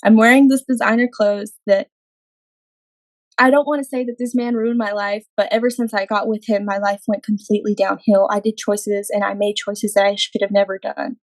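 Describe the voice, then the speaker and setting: A woman's voice: mid-range voice, flat delivery, moderate pace, dry recording, poor audio. A young adult woman, a podcast guest, telling a personal faith testimony in an earnest way, acting out her own quoted words.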